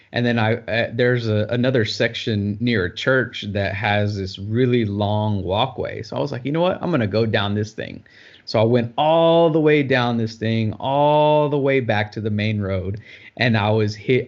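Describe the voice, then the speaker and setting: A man co-hosting a casual podcast, telling a long personal story in a loose, conversational way with plenty of fillers. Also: mid-range voice. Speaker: podcast co-host. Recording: dull lo-fi sound.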